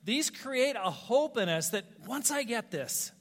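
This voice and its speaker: Male preacher with a high voice, telling animated self-mocking stories, recorded with long reverb in a big hall. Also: unhurried. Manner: animated, self-mocking storyteller who laughs at himself. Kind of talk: storytelling sermon.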